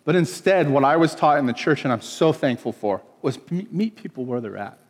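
A man's voice: fairly high pitch, expressive, brisk, in a large hall. A man from California preaching a sermon, telling stories and acting out the voices of people he quotes. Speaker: pastor.

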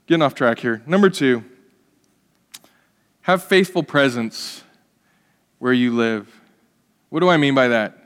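A man preaching a sermon in a church sanctuary, his fairly high voice ringing through a long hall reverb. He talks to the congregation in a loose, conversational way and drops in humorous asides. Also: fairly bright tone. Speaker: pastor.

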